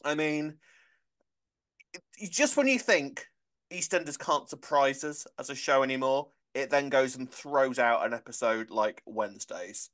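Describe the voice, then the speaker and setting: A man hosting a casual podcast, chatty and excitable, often correcting himself mid-sentence. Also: medium pitch, measured pace. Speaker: podcast host.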